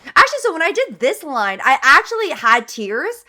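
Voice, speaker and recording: A young woman voice actor chatting casually as she reacts, acting out lines to show her choices. Her voice is bright and slightly high, rising and falling a lot. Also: moderate pace. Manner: animated, chatty, demonstrates lines.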